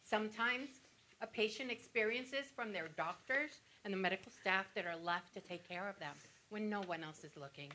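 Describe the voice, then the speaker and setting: An actress playing a wounded woman patient on stage who recalls cruel nurses, teary and halting with flashes of wry humor. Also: medium pitch, sharp tone, close to an everyday voice. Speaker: stage actor playing a breast cancer patient. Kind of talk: theatrical monologue.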